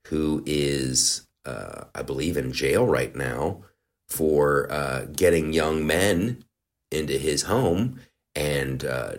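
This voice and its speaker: Man, podcast host, low voice, profane, sarcastic, comedic rant.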